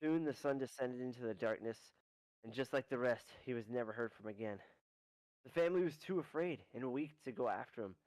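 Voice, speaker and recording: A man narrating as game master in a rambling, animated way. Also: medium pitch, fairly quick, no echo, rough recording. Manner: rambling, animated storytelling with restarts.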